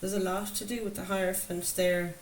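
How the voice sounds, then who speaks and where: A woman's voice: medium pitch, flat delivery, brisk, rough recording. A woman doing a chatty, enthusiastic tarot reading, talking to her viewers. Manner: enthusiastic, chatty, laughs often. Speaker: tarot reader. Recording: faint background noise.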